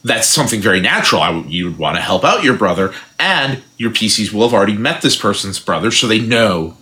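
Bright-voiced man on a game podcast. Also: lowish voice, big pitch swings, fast. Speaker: podcast co-host. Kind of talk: casual podcast chat about tabletop games.

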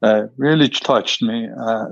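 A man asking for advice at a recovery meeting, speaking slowly and haltingly with frequent fillers. His voice comes through a dull, dry video call line. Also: mid-range voice, gravelly, dry recording. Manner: hesitant, many fillers. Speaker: meeting member asking a question.

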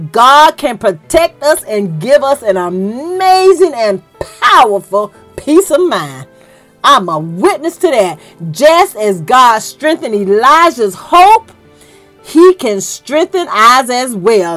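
High-pitched woman preacher, emotional and fervent, folksy delivery, soft music under her. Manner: fervent, emotional, rising to excited peaks. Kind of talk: sermon.

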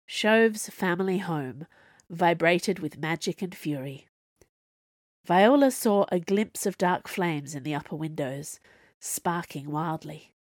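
A woman's voice: fairly low pitch, slow, no echo, clean studio sound. A woman reading an audiobook in a wry, conversational narrating voice. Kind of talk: scripted narration.

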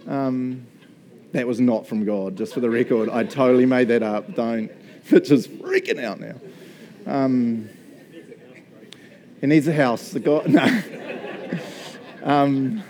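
Mellow-voiced New Zealand pastor telling a story. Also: male voice, medium pitch. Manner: self-mocking storytelling with laughs. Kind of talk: sermon with personal story.

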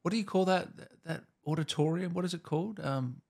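A man with an Australian accent hosting an interview, eager and quick to agree with his guest. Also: a little high, creaky, darkish tone. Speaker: interview host. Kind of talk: casual interview chat.

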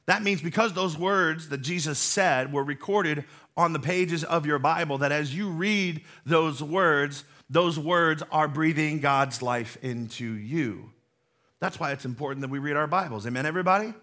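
Earnest bright-voiced male pastor preaching. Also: fairly high pitch. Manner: earnest and conversational, explaining slowly with emphatic repetition. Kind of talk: sermon.

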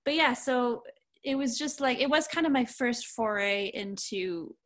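A woman's voice: a little high, unhurried, fairly bright tone. A young adult woman musician chatting casually in an interview, rambling with lots of fillers and casual swearing. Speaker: musician guest.

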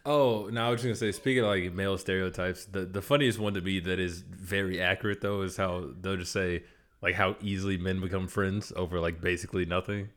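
A man's voice: low-pitched, steady tone, brisk, a bit bright. A man co-hosting a casual podcast chat, laid-back and joking in a slangy way. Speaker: podcast co-host.

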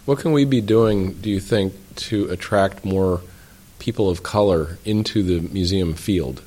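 Low-voiced male interviewer. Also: a little slow, mellow. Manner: attentive, with brief backchannel murmurs. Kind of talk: conversational interview.

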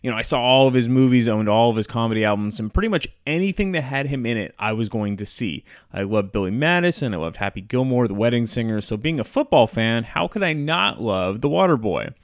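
A man hosting a casual countdown of comedy movies, chatty and relaxed, with frequent fillers. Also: medium pitch, fairly quick, few pauses, no echo, studio quality. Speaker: host.

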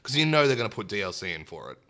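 Young aussie guy on a gaming podcast, bright forward voice, chatty and upbeat. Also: on the low side, very animated, very fast. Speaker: podcast co-host. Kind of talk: casual chat.

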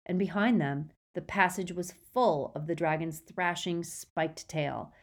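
Lower-voiced woman narrating a fantasy audiobook. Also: a little slow. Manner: expressive reading, raising voice for action.

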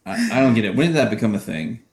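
A man's voice: lowish voice, lively intonation, fast, echoey room, over a noisy crowd. A man co-hosting a casual podcast, making dry remarks and reading out news. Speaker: podcast co-host. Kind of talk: casual chat.

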